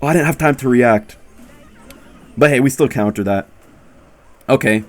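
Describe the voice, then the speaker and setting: A young man giving excitable, jokey live commentary on his own gameplay, talking straight to viewers and yelping when surprised. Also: moderate pace. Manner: bursts into loud high-pitched exclamations when surprised. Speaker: gaming YouTuber.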